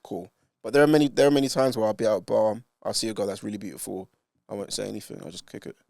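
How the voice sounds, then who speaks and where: A man's voice: on the low side, steady tone, very fast, vocal fry, a little mellow, no echo, clean studio sound. A man with a British accent chatting casually as a podcast guest, laid-back and swearing freely.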